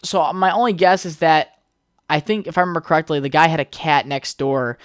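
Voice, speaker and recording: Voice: mid-range voice, brisk, no echo. Young podcast host rambling thru a story, swears a ton, dry close sound no room at all. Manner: rambling, heavy swearing, chatty asides. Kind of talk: casual solo podcast storytelling.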